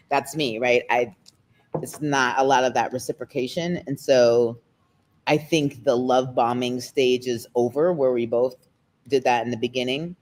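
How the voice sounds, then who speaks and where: A woman, a guest talking candidly in an interview, emotional and close to tears, her pace speeding up and slowing down. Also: very deep voice. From United States. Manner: emotional, expressive, quick shifts in pace. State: near tears.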